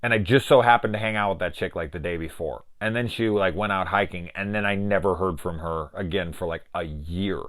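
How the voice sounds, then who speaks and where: A man's voice: sits low, a little fast, hardly any pauses, a bit bright. A young man reviewing a horror film in casual chat, swearing freely and trailing into restarts as he rambles into a personal story.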